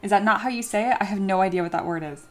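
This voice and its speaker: A woman's voice: mid-range voice, rapid-fire. A woman hosting a sculpting livestream, chatting casually and reading viewer comments aloud with self-deprecating humor. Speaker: livestream host sculpting 3D models. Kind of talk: casual livestream chat while working. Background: soft background music.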